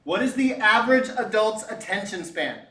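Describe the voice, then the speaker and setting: A middle-aged man teaching a physics class, animated and chatty, often asking rhetorical questions. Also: sits high, moderate pace. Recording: echoey classroom.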